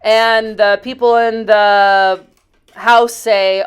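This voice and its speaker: A woman's voice: medium pitch, expressive, measured pace, clean tone. A woman in her fifties hosting a DIY channel, telling stories in a rambling, chatty voice-over full of asides. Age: 50s. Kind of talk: casual storytelling voice-over.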